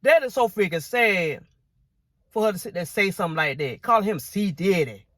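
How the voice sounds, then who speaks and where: A woman's voice: mid-range voice, lively intonation, normal speed, a bit bright, no echo, studio quality. A woman vlogger giving indignant reaction commentary on viewer comments, repeating herself and saying y'all often.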